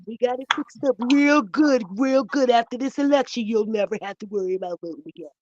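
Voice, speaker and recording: A woman doing an impression of an older male politician, slow and boastful. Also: fairly high pitch, a little mellow, no echo, dull audio, lightly acted. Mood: smug.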